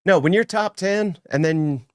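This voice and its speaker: A man hosting a casual sports podcast, energetic and teasing, giving shout-outs to listeners. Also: high-pitched, measured pace, clear, resonant tone, no room sound, studio quality. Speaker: podcast host.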